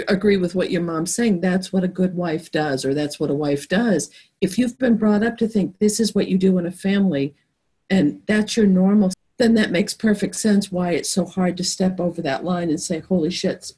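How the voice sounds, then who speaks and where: A woman's voice: lowish voice, warm tone, husky, poor audio. A woman podcast host talking in an earnest, reflective way in a casual conversation.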